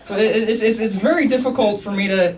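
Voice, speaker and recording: A man from Texas doing a stand-up comedy set in a club, self-mocking and animated, often repeating words as he starts a sentence. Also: high-pitched, fast, recorded from a distance, slight background noise, low-quality recording. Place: comedy club basement, live audience.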